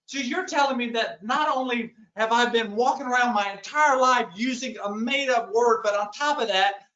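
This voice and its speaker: A man's voice: extremely high pitch, moderate pace, bright, forceful tone. A man giving a keynote talk, telling a funny story and acting out the dialogue. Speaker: keynote speaker. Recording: echoey room, dull lo-fi sound.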